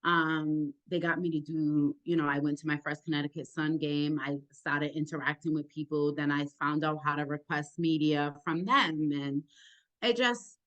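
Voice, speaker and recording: A young woman sports podcaster with a deep, thick accent, answering interview questions eagerly and gratefully. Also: moderate pace. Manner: eager, animated and grateful, speeds up in bursts.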